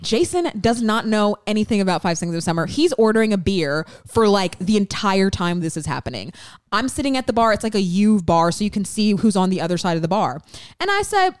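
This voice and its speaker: A young woman tells a story at speed, bouncing between her own lines and the people she quotes. Her voice is mid-pitched, and the recording is dry and close. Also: clear, resonant tone, dry recording. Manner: fast, excited, acts out quotes. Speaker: podcast co-host. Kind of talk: animated storytelling.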